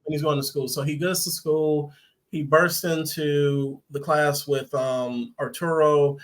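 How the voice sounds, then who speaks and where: A man hosts a casual review podcast in a slightly higher voice. He rambles as he recaps scenes and acts out the characters' lines. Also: fairly even intonation, measured pace. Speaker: podcast host.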